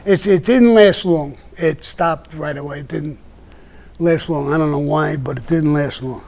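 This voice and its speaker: A man's voice: a little high, measured pace, darkish tone. An older man with a Brooklyn accent, telling stories in a rambling, casual way full of restarts. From Brooklyn, New York. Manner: rambling, with many restarts and "you know". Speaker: podcast guest telling stories. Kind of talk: casual storytelling chat.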